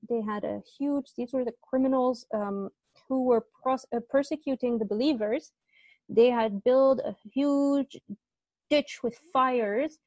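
A woman's voice: a little high, darkish tone, dry recording, highs cut off. A woman teaching an online Arabic grammar class, explaining step by step and often checking with students, with a slight cough.

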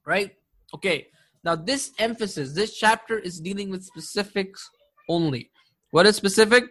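Man, high-pitched, Arabic grammar teacher, classroom lecture, keeps checking "right?". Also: a bit bright. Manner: quizzing students with frequent "right?" and "correct?"; recites Quranic verses quickly in Arabic.

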